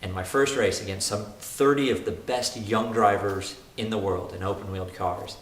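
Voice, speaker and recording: A man's voice: fairly low pitch, moderate pace. A young man, a race car driver, telling his own story in an earnest, reflective way, often restarting his sentences. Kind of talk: personal testimonial. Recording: roomy room with faint hiss.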